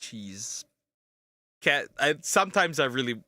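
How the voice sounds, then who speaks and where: Young male reaction streamer, crude and jokey, bright and dry. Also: medium pitch, expressive, measured pace, dry recording. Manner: crude, joking, restarts, bursts of yelling. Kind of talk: casual reaction commentary.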